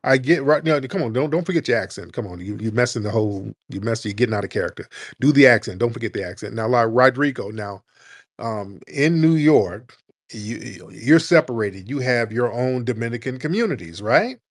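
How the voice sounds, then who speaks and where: A man's voice: mid-range voice, animated, a little fast. A man hosting a live call-in talk show, speaking in an emphatic, repetitive, preaching way. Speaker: host.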